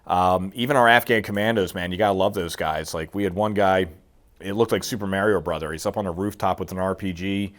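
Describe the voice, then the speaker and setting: A man's voice: low-pitched, brisk, fairly bright tone. A middle-aged man telling a war story in a casual interview, acting out quotes and swearing freely. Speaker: guest, military veteran.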